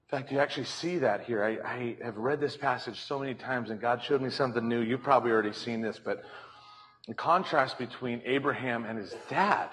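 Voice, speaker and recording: A man's voice: mid-range voice, brisk, a bit bright. A male pastor preaching a sermon from a church stage, telling stories and acting out voices. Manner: storytelling, acts out voices in anecdotes.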